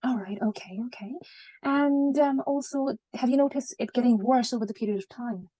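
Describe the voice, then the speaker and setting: A woman's voice: fairly high pitch, normal speed, warm tone. A woman acting as a junior doctor in a mock consultation, polite and reassuring, with many fillers. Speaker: student doing a mock consultation. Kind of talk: role-play clinical consultation.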